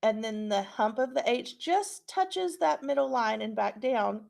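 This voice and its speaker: A woman teacher talks through a recorded class lesson at an unhurried, deliberate pace. Her voice sits a little high, with a gravelly fry. She keeps checking in with "okay?". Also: expressive, a little mellow. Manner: slow, clear instructional delivery with frequent checks.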